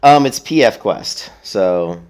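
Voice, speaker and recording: A man's voice: lowish voice, lively intonation, slow, a little mellow. A man streaming a video game, chatting casually with viewers and answering their questions in a blunt, opinionated way. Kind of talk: casual let's-play commentary.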